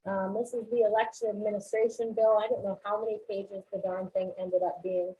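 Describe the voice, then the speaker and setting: A woman's voice: medium pitch, level tone, fairly quick, warm tone, slight background noise. A woman presenting a legislative recap for school boards in a businesslike way, with frequent ums and uhs. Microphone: online webinar call. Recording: tinny phone-like webinar audio.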